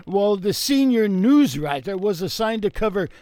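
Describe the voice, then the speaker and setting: A man's voice: high-pitched, very animated, normal speed, dark tone, no echo. A man doing a pompous, sarcastic news writer. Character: haughty, grudge-holding male news writer. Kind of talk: audio drama acting.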